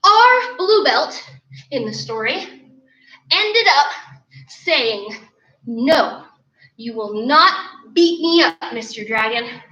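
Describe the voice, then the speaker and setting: A woman's voice: very high voice, bright, forceful tone. A young woman teaching an online kids' martial arts class, upbeat and encouraging as she tells a story and calls out drills from an indoor studio. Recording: roomy, slightly dull sound.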